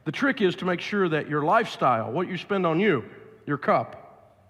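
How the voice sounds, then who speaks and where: A man with a Southern US accent lectures a live crowd in a blunt, emphatic, preachy way. His voice sits a bit high for a man. It rings with the long reverb of a large event hall. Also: sing-song, moderate pace, fairly bright tone. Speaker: financial speaker. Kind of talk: live seminar talk to an audience.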